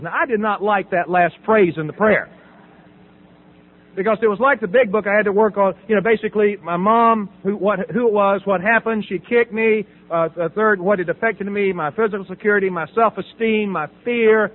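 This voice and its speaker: High-voiced man telling his recovery story. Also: fairly quick. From Southern United States. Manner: storytelling, acts out dialogue, laughs often. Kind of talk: personal testimony talk. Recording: tinny phone-like audio.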